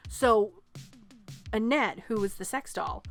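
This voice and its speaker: A woman from New England in her thirties, co-hosting a casual movie podcast and telling stories with lively acted-out quotes and casual swearing. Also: mid-range voice, slow pace, gravelly, soft background music. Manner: animated storyteller, swears freely, acts out quotes. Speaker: podcast co-host. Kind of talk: casual chat about movies.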